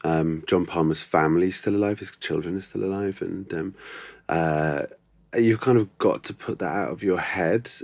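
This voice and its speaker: A man's voice: low-pitched, moderate pace, darkish tone, no echo. A male actor chatting as a podcast guest, thoughtful, with many ums and restarts. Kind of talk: casual interview chat.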